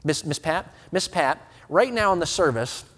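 A man in his thirties preaching a sermon to his congregation, swinging from quiet earnest talk to loud impassioned appeals, often stumbling and restarting his words. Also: on the high side, expressive, moderate pace. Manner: stammering restarts. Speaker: pastor. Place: church sanctuary with a congregation. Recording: long reverb of a church hall.

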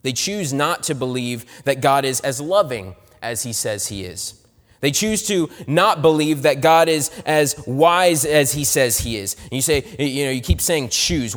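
Preaching man with dramatic swings. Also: big-room sound. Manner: dynamic, swings between loud emphasis and soft low asides. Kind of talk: sermon.

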